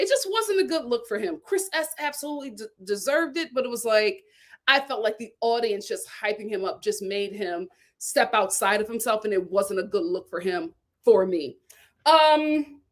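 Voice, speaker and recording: A woman giving casual, sassy commentary as a show reviewer, animated and laughing often. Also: on the high side.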